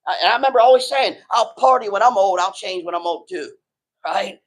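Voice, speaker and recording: A man's voice: high-pitched, brisk, poor audio. A middle-aged man giving a sermon to a live audience in a casual, street-talking way, often saying "man". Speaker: preacher.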